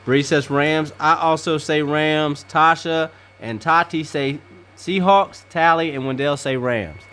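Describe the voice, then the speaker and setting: A woman hosting a casual family podcast, briskly calling on each person and repeating their picks back. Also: low-pitched, a bit bright, clear, resonant tone. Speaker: podcast host.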